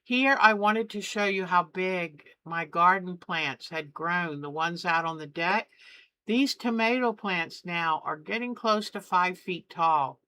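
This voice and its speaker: A middle-aged woman who hosts a quilting channel chats casually and gushes while showing family photos. Her voice sits on the low side, with a slow pace and a sharp tone.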